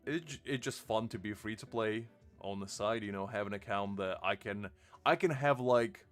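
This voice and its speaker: A man's voice: on the low side, moderate pace, soft background music. A man chatting casually on a live game stream, rambling and laughing at himself. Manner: rambling, self-mocking, laughs often.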